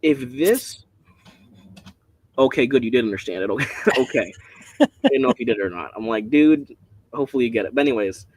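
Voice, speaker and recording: A man leading a casual Bible study, rambling and excitable, often breaking off mid-sentence, speaking from home. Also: medium pitch, fairly quick, long pauses, no echo. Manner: rambling, excitable, self-interrupting.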